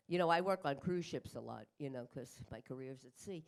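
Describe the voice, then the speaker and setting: On a comedy club stage before a live audience, an older woman performs stand-up with brash, profane, self-mocking punchlines. Her deep voice has lively intonation, a moderate pace and few pauses.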